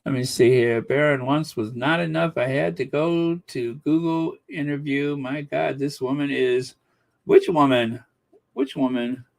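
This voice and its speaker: A man's voice: on the high side, fairly even intonation, a little slow, gravelly, hardly any pauses. A man hosting a casual live stream, chatting in a musing way and reading out viewer comments, with many fillers and restarts.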